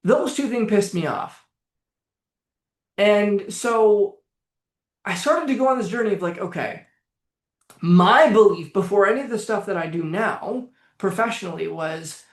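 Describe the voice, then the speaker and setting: A man's voice: high-pitched, animated, measured pace, pauses often. A man in his late twenties, working as a coach, telling his story in blunt, casual talk with frequent swearing. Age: late 20s. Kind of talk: casual direct-to-camera talk. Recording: echoey room.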